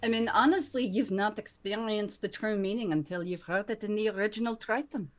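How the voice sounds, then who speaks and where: A woman's voice: mid-range voice, a little fast. Woman player in character, earnest and a bit playful. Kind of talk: in-character tabletop play.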